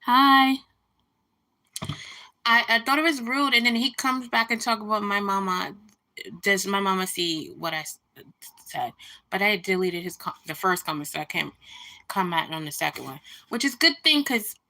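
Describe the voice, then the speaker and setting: A woman's voice: medium pitch, moderate pace, sharp tone. A woman hosting a casual livestream, venting indignantly about a rude comment and greeting viewers as she goes. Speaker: livestream host.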